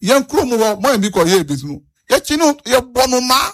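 A man's voice: extremely high pitch, very animated, brisk, a bit bright. A man with a Ghanaian accent being interviewed, making earnest points, repeating himself and switching between Twi and English. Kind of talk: street interview on national issues.

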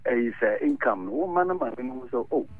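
A man calling in to a radio show, giving animated advice and switching between his local language and English. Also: medium pitch, fairly quick. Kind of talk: radio call-in talk. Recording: lo-fi radio broadcast.

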